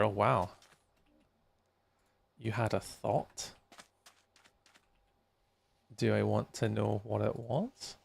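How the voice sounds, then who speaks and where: A man's voice: fairly low pitch, fairly even intonation, extremely slow, creaky, pauses often, breathy edge, no echo. A man chatting casually with viewers on a live game stream, tired and yawning as he reacts to messages while he plays.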